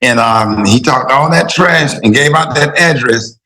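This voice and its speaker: Bright-voiced radio co-host man, roomy. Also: medium pitch, a little slow. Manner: loose, conversational, with fillers. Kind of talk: casual radio talk. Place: radio studio.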